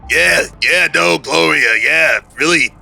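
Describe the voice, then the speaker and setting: A man playing his character in a tabletop role-play, animated and quick to break into a rant. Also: fairly high pitch, gravelly, faint music behind. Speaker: player.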